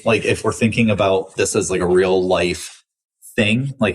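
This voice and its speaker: Husky-voiced man reviewing a thriller. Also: on the low side, unhurried. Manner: chatty, many likes and restarts. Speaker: book podcast host. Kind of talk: casual book review monologue.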